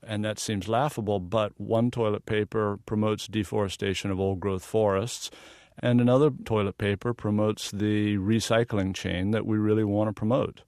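Southern-born male interview guest, deep-ish voice, earnest explainer, dry studio sound. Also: little pitch movement, moderate pace, a little mellow, no echo. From American South. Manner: earnest and explanatory, sometimes laughing. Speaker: guest photographer. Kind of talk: radio interview.

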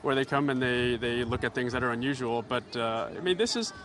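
A man's voice: medium pitch, brisk, fairly bright tone. Wry man reporting outdoors. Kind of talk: on-location radio report. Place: outdoors at a busy expo.

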